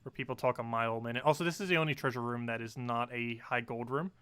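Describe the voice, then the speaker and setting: A man in his twenties from New Jersey, talking fast and casually as he streams a game. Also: mid-range voice, steady tone, fairly bright tone, clear, resonant tone. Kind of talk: casual live-stream commentary.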